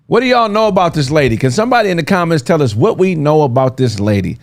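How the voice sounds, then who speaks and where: A man with a gravelly, grainy voice hosts a casual podcast. He talks loosely and jokes his way through the facts he reads out. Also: a little high, very animated, fast talker. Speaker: podcast host. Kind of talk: casual chat.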